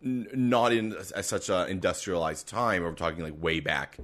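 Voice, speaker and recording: A man's voice: low-pitched, normal speed, fairly bright tone. A young man riffing in a casual, rambling podcast chat. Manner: rambling, riffing jokes with laughs.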